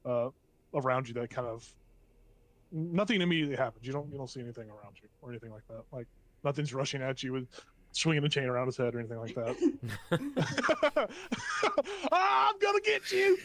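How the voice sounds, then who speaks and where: A man's voice: medium pitch, fast. A man narrating as game master of a tabletop game in a loose, joking way.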